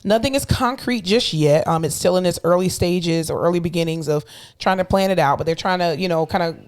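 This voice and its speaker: A woman co-hosting a podcast in casual chat, filling her talk with "um" and quick agreements. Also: fairly low pitch. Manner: chatty, with many fillers and affirmations. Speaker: podcast co-host.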